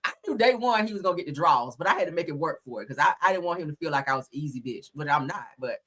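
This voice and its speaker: Brief: woman in her thirties, gossip host, bright lively voice, blunt and profane, quick to laugh. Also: low-pitched, slightly rough. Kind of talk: casual gossip commentary.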